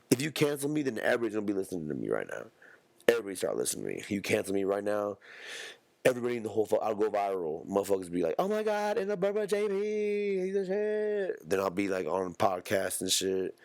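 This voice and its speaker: A man rants alone into a close podcast mic, his voice sitting fairly low. He rambles from one thought to the next in profane, slangy street talk. The recording is dry and close, with no room sound. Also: no echo. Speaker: podcast host. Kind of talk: solo podcast rant.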